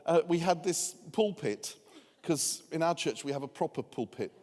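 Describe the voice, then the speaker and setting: Male guest preacher, high voice, anecdotal and earnest, long church reverb. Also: expressive, normal speed, heavy background noise. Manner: humorous storytelling turning earnest. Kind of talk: sermon. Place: church hall.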